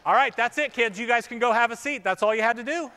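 A man's voice: very high-pitched, quick pace, sharp tone, some chatter behind, a little hiss or hum. A man preaching a sermon from a church stage, chatting playfully with children before reading scripture and reflecting. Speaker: pastor. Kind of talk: sermon with children's object lesson. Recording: long hall reverb.

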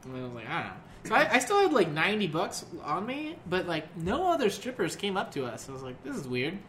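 Young man, bright voice, casual storytelling, swears, laughs often. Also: high voice, a little fast, slight background noise. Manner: profane, laughs often, animated.

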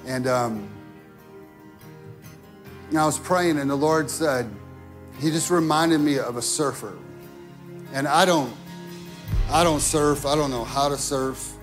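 A man preaching a sermon in a church, talking casually with lots of "like", rising to shouted peaks and dropping to quiet asides. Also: fairly high pitch, slow pace, pauses often, music in the background. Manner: casual wording with many fillers like "like". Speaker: pastor. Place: church sanctuary.

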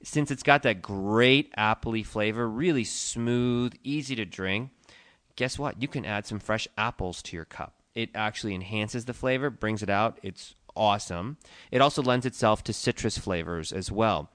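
Low smooth-voiced man explaining tea. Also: moderate pace, a bit bright, dry recording, clean studio sound. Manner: explanatory, lists facts steadily. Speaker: podcast co-host, tea shop owner. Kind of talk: casual informational chat.

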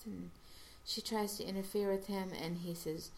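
A woman casually recapping a TV episode, halting with restarts and briefly acting out the characters' lines. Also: lowish voice, fairly even intonation, a little mellow, a little hiss or hum.

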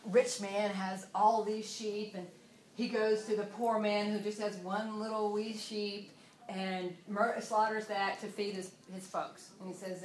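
A woman leading an informal Bible study, emotional, moving between soft asides and loud exclamations. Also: medium pitch, echoey room.

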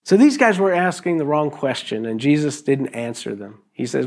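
A middle-aged man preaching a sermon in an animated, jokey way, acting out little voices as he goes. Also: fairly high pitch, moderate pace, vocal fry. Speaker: pastor.

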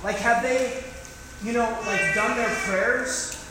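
A man preaching a sermon as pastor, animated and joking, acting out the scenes he describes. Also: very high voice, slow, very noisy. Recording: echoey hall with faint room ambience.

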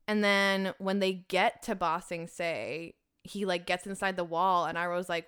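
A woman's voice: lowish voice, fairly even intonation, unhurried, hardly any pauses, a bit bright, smooth. A woman co-hosting a podcast, retelling an episode in casual chat, emotional and full of fillers. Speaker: podcast co-host.

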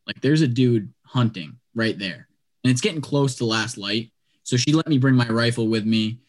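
A man telling a long story in casual chat, animated and acting out what people said, with lots of "like" and quick restarts. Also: medium pitch. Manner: animated, acts out quotes, lots of "like".

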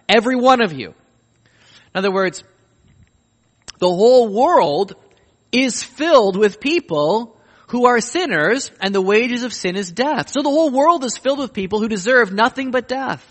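A man preaching a sermon, swinging between hushed, reflective passages and emphatic, rising appeals. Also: high voice, lively intonation, measured pace, long reverb tail. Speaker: pastor.

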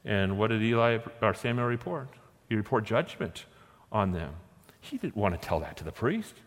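A man preaching a sermon, posing rhetorical questions and slowing down to stress scripture verses. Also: on the low side, sing-song. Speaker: pastor. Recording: long hall reverb.

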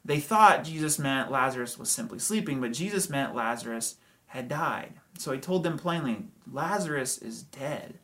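A pastor walks through a passage in a relaxed, talky sermon. The delivery is full of rhetorical questions and quick asides. The pitch sits at a middle height. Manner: conversational preaching with hedges, rhetorical questions and chuckles.

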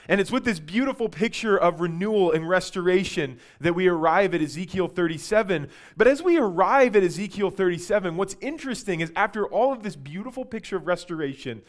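A man preaching a sermon, reading scripture dramatically and swinging between loud passages and hushed ones. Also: a little high.

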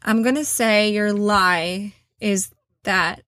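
A woman's voice: mid-range voice, slow, fairly bright tone, no echo, clean studio sound. A woman hosting a casual podcast interview, upbeat and encouraging, often laughing. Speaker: podcast host.

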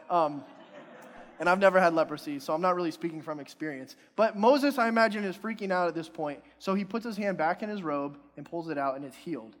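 Youngish male preacher, casual and joking. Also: fairly high pitch. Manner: casual, joking, self-deprecating. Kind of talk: sermon. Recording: long hall reverb.

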